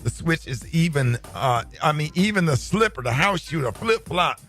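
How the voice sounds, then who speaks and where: A man hosts a casual morning radio show, his voice bright and slightly high. He tells stories with animated energy and drops in the odd mild curse word. Faint music sits underneath. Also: moderate pace. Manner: animated storyteller, mild cursing.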